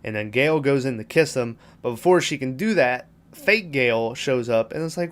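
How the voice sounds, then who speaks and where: Man, podcast host, casual movie recap, swearing, rambling, mid-pitched voice. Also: expressive, moderate pace, few pauses. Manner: profane, rambling retelling with quoted lines.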